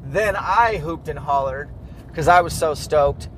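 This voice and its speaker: A man's voice: on the high side, unhurried, a little hiss or hum. A man casually retelling a hunting trip, acting out quoted dialogue. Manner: lively, acts out quoted dialogue. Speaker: hunter telling a hunting story. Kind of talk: casual storytelling chat.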